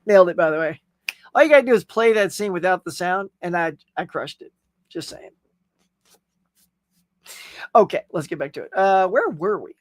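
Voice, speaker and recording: A man's voice: sits high, expressive, normal speed, pauses often, no echo, studio quality. A man hosting a casual live chat show, rambling in a friendly, talkative way as he answers viewer comments. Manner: rambling, chatty, friendly, with frequent fillers and laughs. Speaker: host.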